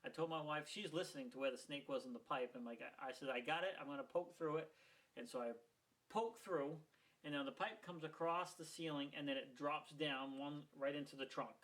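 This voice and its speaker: Man, middle-aged, from Maine, storytelling, heated, swearing, slightly high-pitched. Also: a little fast, a bit bright, low-quality recording. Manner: heated, swearing, rambling retelling. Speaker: home repair vlogger. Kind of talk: casual storytelling.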